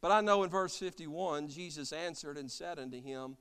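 A pastor preaches with a bright, forceful voice that sits a little high for a man. He swings from loud, ringing cries down to hushed lines, and long church reverb trails every phrase. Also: moderate pace, clear, resonant tone. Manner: impassioned preaching, rising to loud cries then dropping soft. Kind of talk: sermon. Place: church sanctuary.

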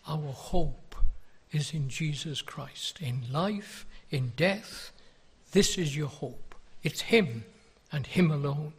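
Older pastor, husky, unhurried sermon delivery, pleading tone. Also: male voice, on the high side. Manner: earnest, pleading, with rhetorical questions.

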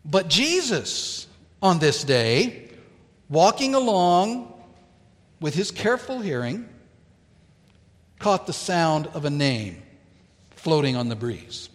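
A man preaching a sermon, telling a Bible story in a slow, deliberate way with dramatic pauses. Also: fairly high pitch, very animated, big-room sound. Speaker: pastor.

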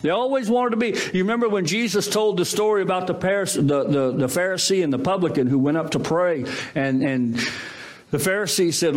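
A man preaching a sermon, telling a story in an animated way with quoted voices. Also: high voice, fairly quick. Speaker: pastor.

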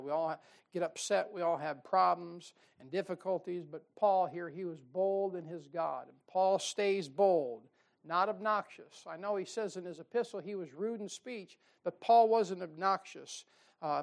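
A man with a high voice preaches a sermon in a folksy, animated manner. He asks the congregation questions and draws out key words for emphasis.

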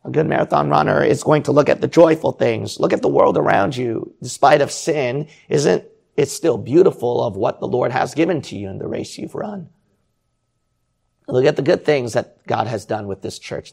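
A man's voice: mid-range voice, vocal fry, a little mellow, husky. A man preaching a sermon to his congregation, exhorting them with repeated rhetorical questions.

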